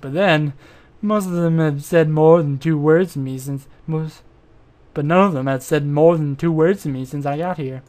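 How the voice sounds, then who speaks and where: A man's voice: a little high, moderate pace, a little mellow, close to an everyday voice. A man voicing a boastful, flirtatious male adventurer in a mystery game, with a drawling, self-satisfied manner.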